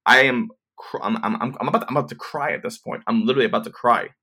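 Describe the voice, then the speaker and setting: Young man rambling fast through a story. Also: medium pitch, sharp tone, breathy edge. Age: 20s. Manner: fast, rambling, profane retelling with many restarts. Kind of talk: casual storytelling to camera.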